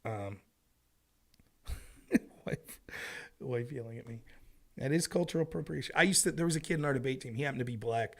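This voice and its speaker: A man's voice: mid-range voice, fairly quick, creaky, long pauses, fairly bright tone. A man hosting a casual livestream of political commentary from home, talking in an emphatic, conversational way.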